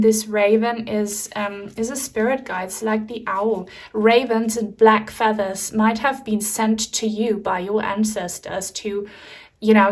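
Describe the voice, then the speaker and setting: A young woman from Germany giving an enthusiastic, chatty tarot card reading to her viewers. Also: medium pitch. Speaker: tarot reader.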